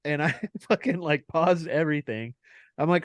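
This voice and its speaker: Young male storyteller for a podcast, profane and laughing, voicing others in his story, mid pitch, dry close mic. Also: moderate pace, no room sound. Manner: laughing, profane storyteller who acts out dialogue. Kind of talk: casual podcast chat.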